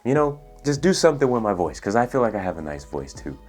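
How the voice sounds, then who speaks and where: Laid-back young man with a soft, low voice. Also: big pitch swings, fast talker, soft background music. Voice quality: soft, soothing voice. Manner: laid-back, profane slang, says "bro" and "like" a lot. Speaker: storytelling vlogger. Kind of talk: casual storytelling. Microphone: USB studio microphone.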